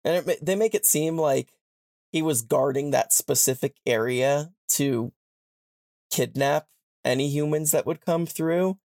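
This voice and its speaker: A young man hosting a podcast, casually retelling a story and slipping into quick character voices. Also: a little high, darkish tone, dry recording, studio quality. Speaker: podcast host.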